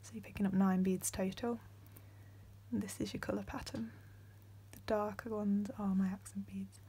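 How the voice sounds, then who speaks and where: A young woman walks through a beading tutorial step by step, using a soft voice that frequently drops to a whisper, with many ums. She has a medium, husky voice and a flat delivery at a moderate pace.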